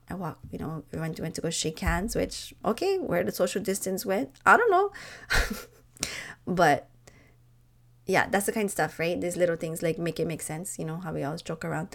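Impassioned woman with gravelly voice. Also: fairly low pitch, darkish tone. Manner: passionate, pleading, rising to emphatic. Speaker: podcast host. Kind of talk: unscripted personal talk.

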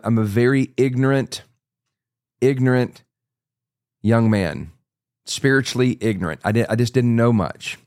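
A man's voice: fairly low pitch, darkish tone, no room sound, clean studio sound. A man in his forties preaching, telling his own testimony in an earnest, storytelling way with many restarts and asides. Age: 40s. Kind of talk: sermon testimony.

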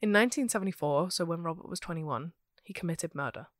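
A woman with a London accent, co-hosting a podcast and telling a true crime case in a steady, matter-of-fact way with dry asides. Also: lowish voice, fast, no room sound. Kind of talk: casual chat reading out researched notes.

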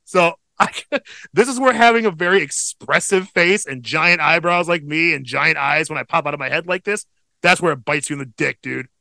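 A man's voice: on the high side, moderate pace, gravelly, no room sound. A man in his thirties co-hosting a podcast, telling a family story casually and swearing freely. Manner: animated storytelling, swears a lot. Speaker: podcast co-host. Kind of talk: casual chat.

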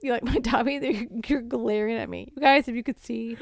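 Lively young woman recapping a story. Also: a little high, no room sound, studio quality. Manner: lively, puts on quick silly voices when retelling. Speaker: podcast co-host. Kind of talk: casual chat recapping a story.

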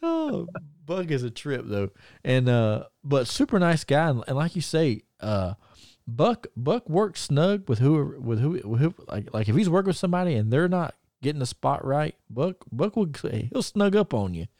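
A man's voice: fairly high pitch, big pitch swings, moderate pace, a little mellow, dry recording, clean studio sound. A man with a Southern country accent, co-hosting a podcast and telling rambling stories with frequent laughs. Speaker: podcast co-host. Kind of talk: casual chat, storytelling.

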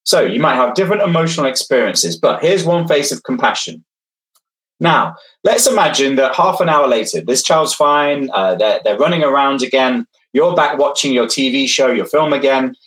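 Male lecturer, mid-pitched voice, engaging online talk style that addresses the audience as folks. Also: animated, moderate pace, a bit bright, rough recording.

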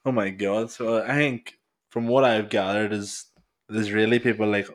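A young man with a Northern Irish accent and a fairly low voice, rambling through casual podcast chat in a small home studio. He talks loosely, stacking "like" and swear words as he goes. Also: steady tone, moderate pace. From Northern Ireland. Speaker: podcast co-host.

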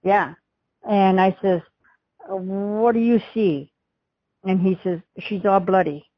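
A woman's voice: mid-range voice, takes it slowly, no room sound. Rambling middle-aged woman, dull dry audio. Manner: rambling storyteller who acts out quoted dialogue. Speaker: witness interviewee. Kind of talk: recounting a past event.

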